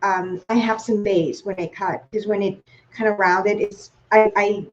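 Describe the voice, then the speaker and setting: A woman's voice: medium pitch, steady tone, measured pace, muffled recording. A woman from Thailand with a Thai accent, hosting a live online cooking class, chatty and playful, asking viewers questions as she works.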